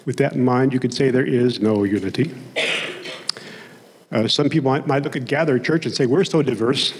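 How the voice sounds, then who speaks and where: Plain-spoken pastor in a hall. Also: male voice, medium pitch, moderate pace, a little mellow, husky. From Oklahoma. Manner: conversational, plain-spoken preaching with asides. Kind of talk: sermon. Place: church sanctuary. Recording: long hall reverb in a sanctuary.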